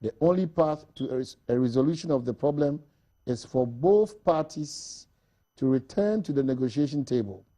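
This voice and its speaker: A man with a Ghanaian English accent, hosting a newspaper review and reading an editorial aloud in a measured, formal way. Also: mid-range voice, warm tone.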